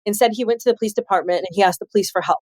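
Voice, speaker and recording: A woman in her forties from Chicago, telling her life story as a podcast guest, animated and laughing often as she acts out quotes. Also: medium pitch, rapid-fire, dry recording, clean studio sound. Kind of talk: candid storytelling interview.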